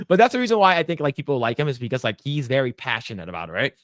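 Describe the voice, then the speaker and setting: A man co-hosting a podcast in casual chat, animated and profane, with sudden leaps into a much higher voice when acting out reactions. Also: fast talker, hardly any pauses, no echo, studio quality. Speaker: podcast co-host.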